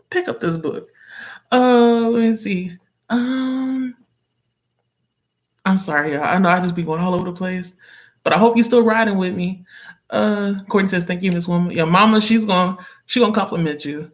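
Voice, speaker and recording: Woman host, casual home stream, chatty and animated, wanders off topic, reads out viewer comments. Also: medium pitch, normal speed, long pauses. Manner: expressive, laughs often. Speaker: livestream host of a reading session.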